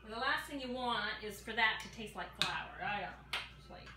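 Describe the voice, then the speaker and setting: A woman's voice: mid-range voice, expressive, moderate pace. A woman in her sixties talking casually to the camera in her home kitchen, chatty and folksy, speaking straight to her viewers. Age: 60s. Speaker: home cooking vlogger. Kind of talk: casual cooking chat to camera. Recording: echoey kitchen with clear background noise.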